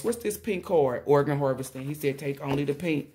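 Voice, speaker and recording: Excitable woman giving a tarot reading. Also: sits low, brisk, few pauses. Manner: excitable, rambling, exclaims often; relays messages in blunt slang with swearing. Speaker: tarot reader. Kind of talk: casual spiritual reading to viewers.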